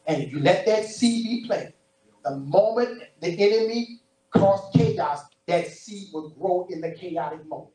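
A male preacher giving an animated sermon, full of storytelling and repeated phrases. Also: high voice, measured pace, soft background music. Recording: roomy distant church recording.

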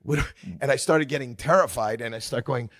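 An older man telling animated stories on a casual podcast, acting out scenes in other voices. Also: mid-range voice, fast, no room sound, clean studio sound. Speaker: guest comedian.

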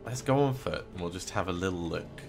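A man's voice: low voice, expressive, brisk, gravelly, a little mellow. A man casually commenting while playing a video game, with wry joking asides. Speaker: let's play host.

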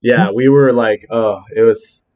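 A man's voice: mid-range voice, moderate pace, dull audio. A man hosting a casual podcast chat, rambling with lots of fillers and restarts. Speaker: podcast host.

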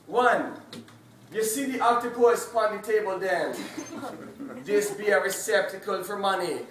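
A man's voice: high-pitched, moderate pace, close to an everyday voice. A man putting on a playful Jamaican accent as a laid-back Rasta party emcee, joking between laughs. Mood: hyping. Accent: put-on Jamaican. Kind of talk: party speech in character. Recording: echoey hall from far off, loud crowd.

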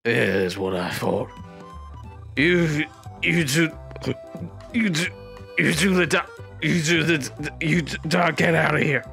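Male gamer, slightly high, gravelly voice; rambling, theatrical, plays drunk for laughs. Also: slow pace, long pauses, a bit bright, faint music behind. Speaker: VR gameplay streamer. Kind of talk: comedic VR gameplay commentary.

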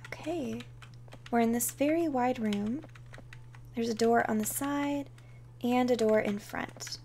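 A woman streamer reading a visual-novel game aloud in a calm, soft-spoken way. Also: a little high, slow, slight background noise.

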